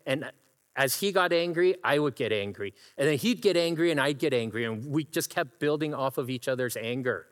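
A man's voice: mid-range voice, lively intonation, fairly quick. A middle-aged man preaching a sermon, telling personal stories and breaking into laughter as he imitates a friend's laugh. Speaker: pastor. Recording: long hall reverb.

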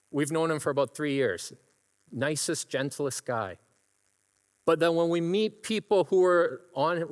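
A middle-aged male pastor delivering a sermon in a storytelling way, now and then imitating a friend's laugh. His voice sits a little higher than most men's. A long reverb trails each phrase, as in a large hall.

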